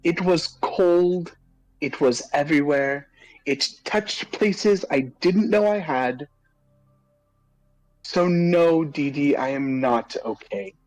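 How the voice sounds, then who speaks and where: A man's voice: on the high side, slow, dry recording, faint music behind, low-quality recording. A hot-headed fire-born fighter with a raised, strained voice, ranting in theatrical fury, as a man puts him on. The recording is dry and close. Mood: wounded dignity. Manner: theatrical ranting, shouting in rage. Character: hot-tempered fire-born man, soaked, furious at ocean.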